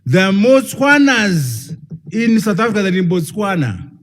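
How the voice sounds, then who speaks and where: A man's voice: high voice, very animated, a little slow, a little hiss or hum. A man, a professor, giving an emphatic public lecture and firing rhetorical questions at his audience.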